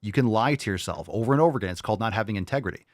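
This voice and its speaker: A man rants through a show in a lowish voice, sarcastic and combative, mocking what he reacts to. The sound is dry and close to the mic. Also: racing, no echo. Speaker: show host. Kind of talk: ranting commentary over video clips.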